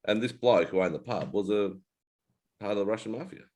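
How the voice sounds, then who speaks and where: A man's voice: fairly low pitch, brisk, darkish tone. A middle-aged Australian man hosting a casual chat, telling blunt, rambling stories and swearing freely. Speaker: podcast host, ex-Navy.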